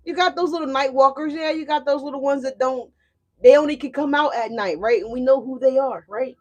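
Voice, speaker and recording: A young adult woman gives a casual tarot reading in a fairly high voice. She is lively and profane and speaks straight to her viewers. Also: a little fast. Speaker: tarot reader.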